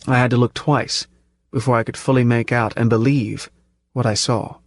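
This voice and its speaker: A man reading a first-person story aloud at a measured, tense pace, close to the mic. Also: mid-range voice, fairly even intonation. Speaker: audiobook narrator. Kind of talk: first-person audiobook narration.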